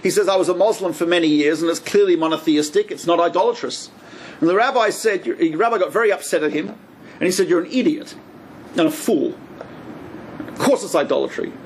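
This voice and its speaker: A man, a rabbi, giving a lively lecture on religious law and acting out quoted speech with humor. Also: fairly high pitch, a little hiss or hum. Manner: lively, joking storyteller who acts out quoted speech.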